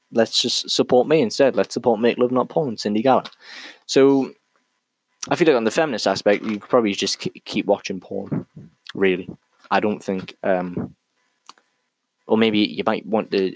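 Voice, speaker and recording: Low-voiced man rambling, dry sound. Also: no echo, low-quality recording. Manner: rambling, thinks aloud with many restarts. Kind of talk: casual solo monologue.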